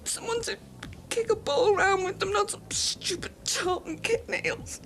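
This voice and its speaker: A woman's voice: sits high, lively intonation, a little slow, creaky, faint music behind, exaggerated voice. An actress playing a heartbroken woman, confiding tearfully in TV soap acting. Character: heartbroken barmaid left by a thieving partner.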